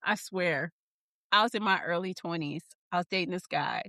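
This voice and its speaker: Woman co-host, animated storyteller who acts out dialogue; bright tone, close dry mic. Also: fairly low pitch, normal speed, no echo. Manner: animated storyteller, acts out quotes, swears and laughs. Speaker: podcast co-host. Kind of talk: casual book chat.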